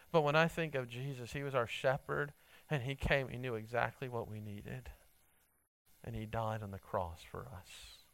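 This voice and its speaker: A man's voice: mid-range voice, a bit bright, clear, resonant tone, no echo. A man preaching a sermon in an earnest, pleading way, then leading a prayer.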